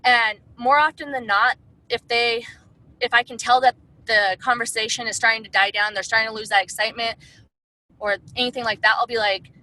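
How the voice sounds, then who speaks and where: A woman's voice: a little high, fairly even intonation, a little fast, sharp tone, poor audio. A woman talking casually about her sales methods, chatty and full of "like" and "um". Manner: chatty, heavy use of "like" and "um". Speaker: direct sales distributor. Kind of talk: casual sales-tips talk.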